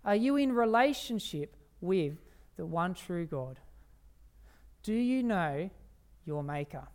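A preacher's smooth, resonant voice carries an evening sermon, mid-range, expressive and darkish in tone. Emphasis runs through it as he slows down on key phrases and puts rhetorical questions to those listening.

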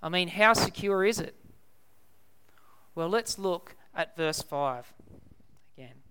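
Slow, crisp-voiced Australian preacher man. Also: high-pitched, lively intonation, sharp tone. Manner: emphatic, repeats key words slowly for effect. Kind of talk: sermon.

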